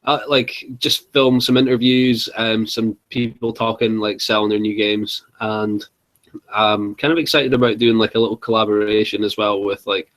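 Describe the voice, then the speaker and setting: A man's voice: on the low side, fairly even intonation, moderate pace, a bit bright, low-quality recording. Young man, live-chat co-host, chatty and giggly, filler-heavy. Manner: chatty, laughs often, lots of fillers. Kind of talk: casual chat.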